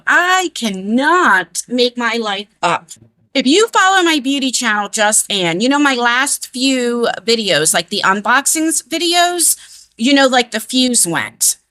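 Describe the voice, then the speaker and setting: Bright-voiced New woman vlogging. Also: high voice, no room sound. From New Jersey. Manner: animated, rambling, emphatic. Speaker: beauty vlogger. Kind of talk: casual chatty storytelling. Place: converted attic room at home.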